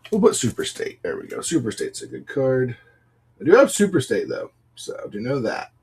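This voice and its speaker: A man's voice: mid-range voice, big pitch swings, moderate pace, creaky, husky. Man, livestream card seller, casual upbeat patter, mid-range voice. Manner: chatty, apologetic, upbeat pack-opening patter. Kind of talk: casual live-selling chat.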